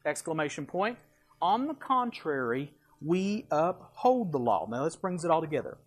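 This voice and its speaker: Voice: mid-range voice, big pitch swings, moderate pace, husky. A preacher giving a verse-by-verse sermon with slides, emphatic, asking rhetorical questions and answering them, with folksy asides.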